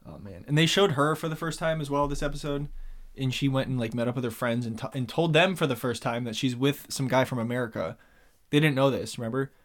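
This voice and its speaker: Male co-host, mid pitch, casual recap chat, animated and quick to laugh. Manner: animated, acts out quotes in raised voices, laughs often. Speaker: podcast co-host.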